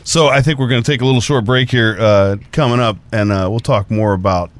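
A man's voice: medium pitch, brisk. A man hosting a podcast, asking his guests questions in an upbeat, casual way. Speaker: podcast host. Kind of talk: casual chat.

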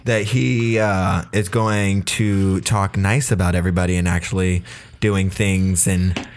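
Laid-back co-host. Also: male voice, low voice, little pitch movement, a little slow, a little hiss or hum. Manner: laid-back, short replies, casual swearing. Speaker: podcast co-host. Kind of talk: casual chat.

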